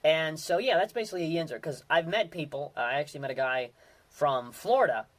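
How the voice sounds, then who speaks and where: A man's voice: a little high, fast talker. Rambling man, casual talk. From Western Pennsylvania. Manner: rambling, many fillers and restarts. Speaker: podcast host.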